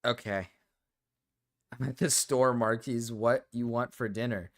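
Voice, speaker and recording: A man livestreams, chatting casually in a medium-pitched, steady, unhurried voice. He's rambling and blunt, full of fillers and swearing.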